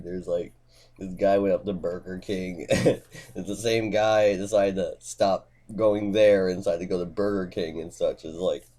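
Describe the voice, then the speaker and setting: A man's voice: fairly low pitch, warm tone. A young man telling a rambling improvised comic story, giggling often, stumbling over words and swearing a lot.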